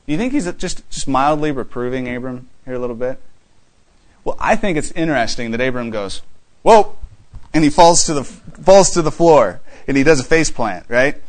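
A man's voice: mid-range voice, animated, moderate pace, poor audio. A man teaching a conversational Bible study, reading scripture aloud and asking his listeners rhetorical questions. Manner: asks rhetorical questions and restarts often; reads scripture aloud in archaic wording.

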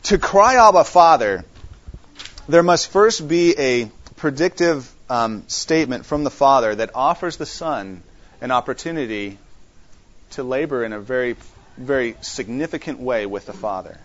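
A man leads a Bible study in a mid-pitched voice, stopping often to repeat his points and check that his listeners follow. His phrasing is halting and full of restarts. The recording is dull and lo-fi. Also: animated, a bit bright. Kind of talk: interactive Bible study teaching.

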